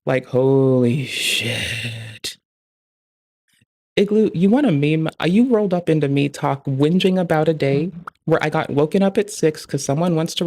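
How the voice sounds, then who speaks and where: A young man with a slightly high voice rambles through a casual live stream. He swears constantly and jumps from one tangent to the next. His delivery is loose, animated and unscripted.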